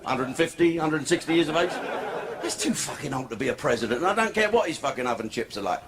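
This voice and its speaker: A man's voice: on the high side, lively intonation, fast talker. A man doing a crude, profane stand-up comedy set in a comedy club. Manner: crude, profane, swearing constantly. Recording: noisy club recording.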